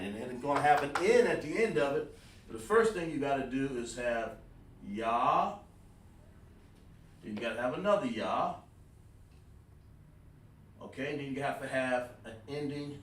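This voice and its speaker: A man's voice: mid-range voice, fairly bright tone, a little hiss or hum. A man teaching a casual, informal live-streamed language lesson at a board and calling on viewers by name. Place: room with a writing board. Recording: roomy sound, mic far from the speaker.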